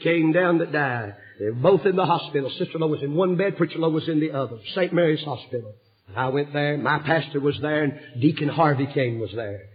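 Preacher man telling stories in a church, gets loud then goes soft, kinda high voice, muffled old recording. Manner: impassioned, swinging from hushed to shouting. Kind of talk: revival sermon storytelling. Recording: dull lo-fi sermon recording.

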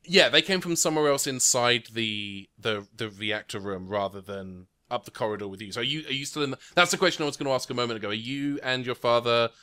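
A man narrates a tabletop role-playing game as game master, his voice bright and forward. He talks in loose, rambling descriptions, stopping often on "uh" and "kind of" as he builds each scene. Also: mid-range voice, expressive, fast, hardly any pauses. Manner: rambling with many fillers, voices figures briefly. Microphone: remote recording.

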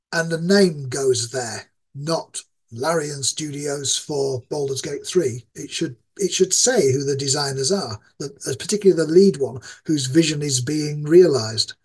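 Husky older man, East Yorkshire accent. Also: a little high, a little slow, darkish tone. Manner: rambling, self-described ranting with many fillers. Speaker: guest game designer. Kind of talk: casual interview talk.

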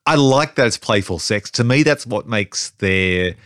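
A man with a low voice talks through a film in a relaxed podcast chat. He is animated and laughs often, and he thinks aloud as he goes. The sound is dry and close. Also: unhurried, no echo. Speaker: podcast co-host. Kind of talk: casual film discussion.

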